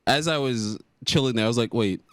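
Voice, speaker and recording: A young man, a guest rapper, chatting in a relaxed, laid-back, self-deprecating way. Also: mid-range voice, quick pace, clean tone, no room sound, studio quality. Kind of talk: casual chat.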